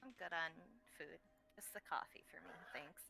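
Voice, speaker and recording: A woman's voice: deep voice, normal speed, gravelly, pushed and bright. A woman player in a tabletop game giving short, terse replies.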